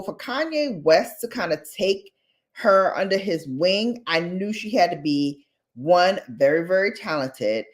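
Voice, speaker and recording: A woman vlogger in casual, gossipy chat, talking straight to her viewers with playful asides. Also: mid-range voice. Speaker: beauty vlogger.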